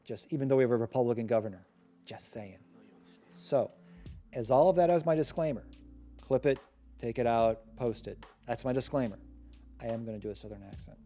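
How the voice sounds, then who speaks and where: Brief: relaxed male host, mellow low-key tone, rambling and reflective, faint music underneath. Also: a little fast, long pauses. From Massachusetts, USA. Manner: thoughtful, rambling, trailing off quietly. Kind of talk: casual live discussion.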